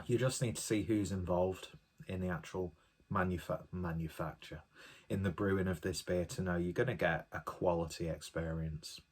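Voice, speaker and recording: Man, casual beer review, chatty, enthusiastic, rambling, lowish voice. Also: steady tone, moderate pace.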